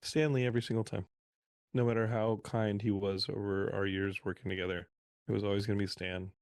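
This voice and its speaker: Gravelly low-voiced man telling stories. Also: brisk, no room sound. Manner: animated anecdotal storyteller. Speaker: podcast guest. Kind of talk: casual interview storytelling.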